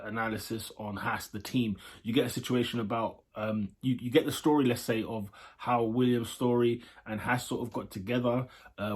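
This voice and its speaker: A young man with a husky, slightly rough voice talks through an episode review in a casual, rambling way. He gives his opinions freely and keeps the tone chatty and informal. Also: mid-range voice. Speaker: show reviewer.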